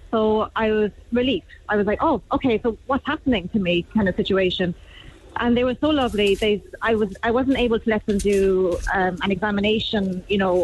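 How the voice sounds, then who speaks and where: A woman calling in to a radio show, telling a personal story in a halting, heartfelt way. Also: mid-range voice, a little hiss or hum. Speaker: caller. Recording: dull phone line.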